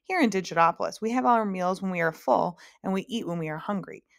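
A woman's voice: medium pitch, quick pace, gravelly, no room sound, studio quality, close to an everyday voice. A woman reading aloud and voicing a grand, fussy male math magician in a children's storybook. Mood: lecturing.

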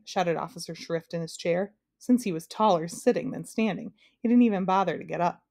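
A woman narrating a children's storybook aloud in a steady storytelling voice. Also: mid-range voice, fairly quick, vocal fry, hardly any pauses.

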